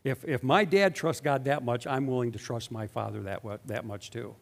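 A man's voice: medium pitch, moderate pace, creaky. A man preaching a sermon. He speaks emphatically and keeps asking the congregation rhetorical questions, and the recording has a long hall reverb. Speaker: pastor.

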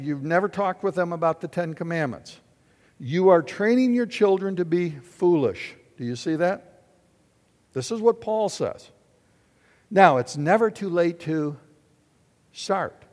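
An older man preaching a sermon in a church, animated and questioning his congregation. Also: fairly high pitch. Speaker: pastor. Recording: long hall reverb.

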